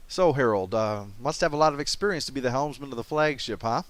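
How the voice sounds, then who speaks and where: A man's voice: mid-range voice, expressive, quick pace, no echo. A man narrating a comedic game review, full of sarcastic wisecracks.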